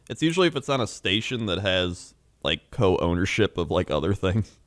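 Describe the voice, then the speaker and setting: A man's voice: low-pitched, normal speed, dry recording, clean studio sound. A young man co-hosting a podcast, telling stories in casual chat, laughing often and acting out quotes. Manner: animated storytelling, laughing often, acts out quotes. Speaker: podcast co-host.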